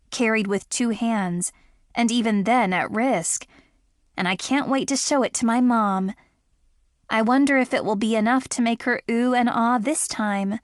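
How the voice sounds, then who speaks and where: A woman's voice: fairly high pitch, dry recording, studio quality. Wistful female romance narrator. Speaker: audiobook narrator. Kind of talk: first-person romance narration.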